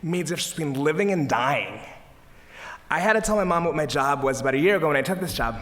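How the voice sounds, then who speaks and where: With a voice that's a little high, a bit bright, and a little fast, a young man speaks expressively from a lecture hall podium. It's an energetic panel speech for an advocacy group, full of enthusiasm and humor as he rallies the audience.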